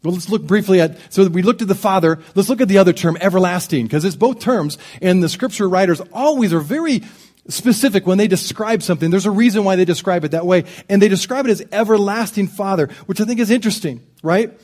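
Animated middle-aged male pastor preaching. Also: high-pitched, fast talker. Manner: storytelling, animated, swings from loud to soft and intimate. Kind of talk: sermon.

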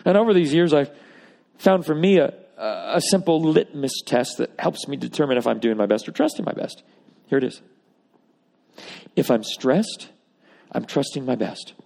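A man's voice: mid-range voice, animated, moderate pace, vocal fry, long pauses, darkish tone. A man preaching a sermon, emphatic with wry asides, reading scripture aloud. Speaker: pastor. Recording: long reverb of a large hall.

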